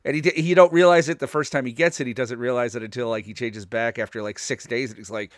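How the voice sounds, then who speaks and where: A man in mid pitch chats casually on a podcast, rambling and stopping to restart his sentences. His voice is recorded close and dry, with no room around it. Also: fairly even intonation, fast, no room sound. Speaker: podcast host.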